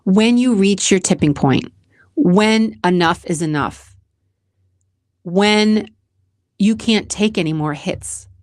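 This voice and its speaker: A woman's voice: mid-range voice, slow, pauses often, darkish tone, no echo, clean studio sound. A woman hosting her own channel, talking earnestly through a personal motivational monologue, repeating phrases for emphasis. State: close to tears at times. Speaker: channel host.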